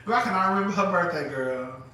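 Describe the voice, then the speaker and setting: Speaking quickly in a high-sitting voice, this man runs a phone live stream full of casual gossip. He's dramatic and animated, laughing a lot and addressing listeners as "girl," recorded from a distance in a very echoey room with faint noise.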